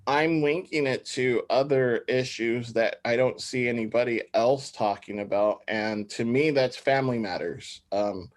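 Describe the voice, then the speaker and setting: A man's voice: medium pitch, a little slow, hardly any pauses. A man in his thirties hosting a podcast, chatting casually and rambling with many fillers. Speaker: podcast host. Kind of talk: casual chat.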